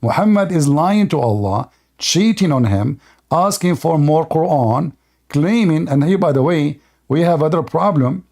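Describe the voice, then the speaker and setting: A high-voiced man hosts a heated online debate. He is mocking and combative and talks right over his opponent. He keeps pressing his point. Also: expressive, unhurried, a little mellow. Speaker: debate host. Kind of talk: heated live-stream debate.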